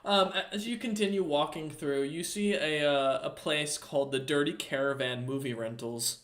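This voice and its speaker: A man runs a tabletop game, describing scenes in a fairly high voice. He narrates haltingly, stopping often with ums and uhs as he thinks. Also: a bit bright. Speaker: game master.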